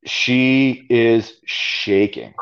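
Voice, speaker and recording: A man's voice: medium pitch, steady tone, very slow, a bit bright, clear, resonant tone. A man with a Canadian accent, a podcast guest telling a story casually, full of fillers. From Alberta, Canada. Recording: dull lo-fi audio.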